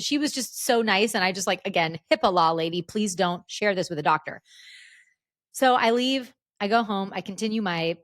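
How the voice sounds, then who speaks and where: A woman in her thirties hosting a podcast, telling a personal story in a casual, animated way with lots of restarts. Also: lowish voice, dry recording, clean studio sound. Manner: animated, breathless retelling with many restarts. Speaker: podcast host.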